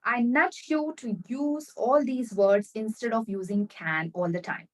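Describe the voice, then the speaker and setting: A woman teaching business English in an online lesson, repeating example sentences slowly and checking that viewers follow. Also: on the high side, far from the mic, low-quality recording. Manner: addresses viewers directly, checks understanding.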